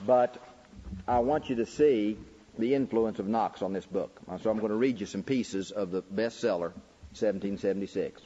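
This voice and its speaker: A man's voice: normal speed, dark tone, breathy edge. A man preaching a lecture-style sermon, pushing his voice up with emphasis on key words. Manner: emphatic, pitch rising sharply on key words. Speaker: preacher teaching a lecture series. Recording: dull recording with long hall reverb.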